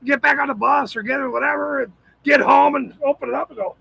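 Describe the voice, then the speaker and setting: High-pitched gravelly dude yelling a cussing rant, dry close sound. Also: male voice, fast talker, no echo, low-quality recording. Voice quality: profane, shouting rant. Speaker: citizen auditor channel host. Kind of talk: angry ranting monologue.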